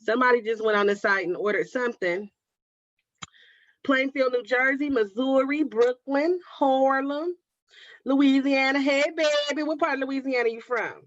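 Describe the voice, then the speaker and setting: A woman's voice: sits high, moderate pace, no room sound. A woman from Oakland hosting a craft livestream, chatting casually with viewers and calling them baby and girl. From Oakland, California. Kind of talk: casual livestream chat reading viewer comments. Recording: dry, slightly dull livestream audio.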